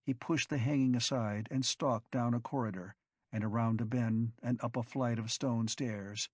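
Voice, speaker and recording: A man narrating an audiobook story in a steady, measured way. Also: mid-range voice, dry recording, clean studio sound. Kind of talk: scripted narration.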